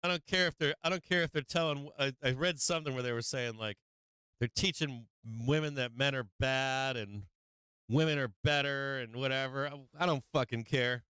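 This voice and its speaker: A man's voice: medium pitch, moderate pace, bright, forceful tone, clean tone, dry recording. A man hosting a live stream, ranting casually with lots of swearing and frequent laughs. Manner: profane, laughing often, rambling.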